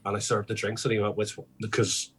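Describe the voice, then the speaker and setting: A man's voice: fairly low pitch, flat delivery, fast talker, slightly rough. A young man, a podcast guest, rambling through sweary stories in casual chat.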